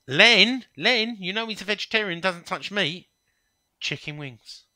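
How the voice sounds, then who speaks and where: A man's voice: sits high, moderate pace, bright, forceful tone, no room sound. A man co-hosting a casual football chat, telling playful anecdotes. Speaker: podcast co-host.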